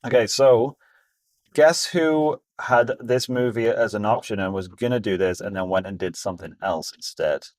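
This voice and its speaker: A man's voice: fairly low pitch, normal speed, darkish tone, no room sound. A man co-hosting a casual film review podcast, chatty, laughing easily and acting out imagined studio conversations. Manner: chatty, laughs often, acts out imagined dialogue. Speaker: podcast co-host.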